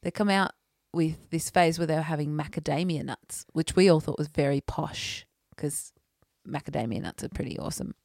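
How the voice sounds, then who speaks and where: This woman speaks in a low voice at a moderate pace with few pauses, recorded dry and clean in a studio. Chatting casually, she spins funny stories, laughing frequently and performing the voices of whoever she's quoting.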